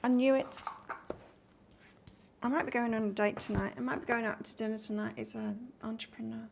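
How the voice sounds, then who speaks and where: A woman's voice: a little high, fairly even intonation, brisk, gravelly, slight background noise. A woman from England doing a live tarot reading, chatting casually and reading out cards while answering viewer comments. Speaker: tarot reader.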